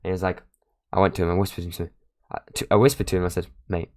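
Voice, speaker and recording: A man's voice: sits low, fast. A young man chatting casually as he tells a card-trick story, acting out the voices of the people in it. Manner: chatty, animated, acts out quoted voices.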